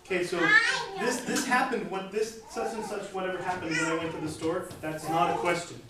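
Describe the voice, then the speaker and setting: A woman's voice: lowish voice, fairly quick. A woman teaching a casual class in a playful way, laughing often and acting out her examples. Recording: echoey noisy room from far off.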